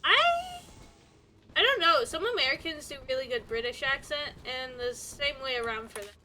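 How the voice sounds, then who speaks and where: A woman's voice: high-pitched, animated, moderate pace, pushed and bright, a little hiss or hum. A young woman streaming a game, chatting playfully and laughing with friends. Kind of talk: casual chat while gaming.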